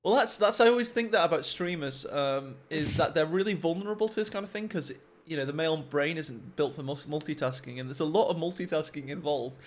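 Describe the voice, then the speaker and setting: A man's voice: a little high, fairly quick, few pauses. Chatty man casting a live game stream. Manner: laughing, joking, reads out subscriber names. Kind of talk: casual live game commentary. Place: home streaming setup.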